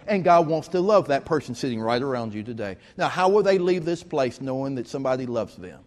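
A man's voice: medium pitch, expressive, a little fast, hardly any pauses, a little mellow, big-room sound. A man, preaching a sermon as pastor, telling stories with rising emphasis. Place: church sanctuary.

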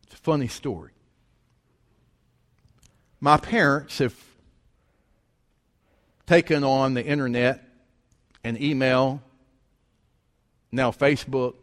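A man's voice: mid-range voice, steady tone, slow, long pauses. A middle-aged man preaching a folksy, conversational storytelling sermon with rhetorical questions. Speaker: pastor. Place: church sanctuary. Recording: long church hall reverb.

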